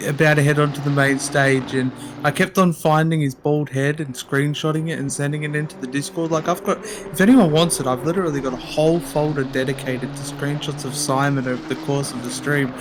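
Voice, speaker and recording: A man's voice: a little high, fairly even intonation, fairly quick, few pauses, background noise. A man co-commenting on a sim race with joking, rambling banter.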